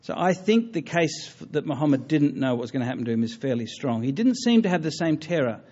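A man giving a public talk on religion and taking audience questions, earnest and halting, with many fillers and restarts. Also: on the high side, lively intonation, darkish tone, highs cut off. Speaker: lecturer on religion.

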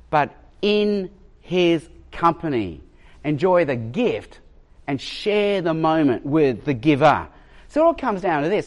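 Man, pastor, sermon, emphatic, storytelling, fairly high voice, lively pitch. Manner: storytelling, emphatic, varies his pace.

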